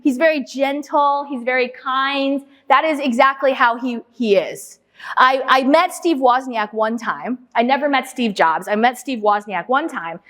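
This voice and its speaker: High-voiced woman lecturing in a reverberant hall. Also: unhurried. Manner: quizzes the audience and repeats their answers back; lively anecdotal storyteller with frequent "right?" and "okay?". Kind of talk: interactive lecture with storytelling.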